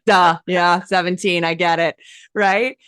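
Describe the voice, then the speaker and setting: Woman guest, low-ish voice, excitable storyteller, dry close recording. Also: slow pace, smooth, no echo. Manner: excitable storyteller, acts out her own reactions. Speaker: hypnosis coach, interview guest. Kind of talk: animated interview conversation.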